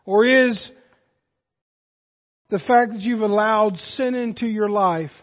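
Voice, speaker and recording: A man's voice: sits high, takes it slowly. A man preaching a sermon as pastor, earnest and speaking straight to his congregation. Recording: dull recording with long hall reverb.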